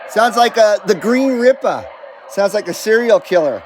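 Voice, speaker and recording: A man's voice: sits high, lively intonation, moderate pace, slight background noise. An American man hosting a CB radio livestream from his home radio room, chatting casually, reading viewer comments aloud and swearing now and then.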